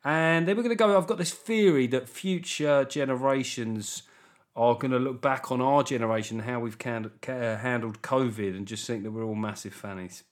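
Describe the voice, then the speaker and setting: A man's voice: medium pitch, normal speed. A middle-aged man with a Southern English accent, hosting a solo comedy podcast, riffing loosely and swearing freely. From England. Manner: swears freely, riffs with mock voices. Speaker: podcast host.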